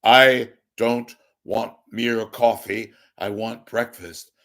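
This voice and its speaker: A hoarse man doing an impression of a booming old-time male movie star who grandly demands breakfast. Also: fairly even intonation, takes it slowly, a bit bright. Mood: grandiose.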